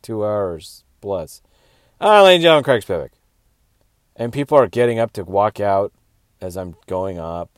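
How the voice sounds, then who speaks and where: A man's voice: on the low side, a little mellow, no room sound, clean studio sound. A man hosting his own show, telling rambling, crude comedy stories in a casual monologue. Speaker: podcast host, comedian.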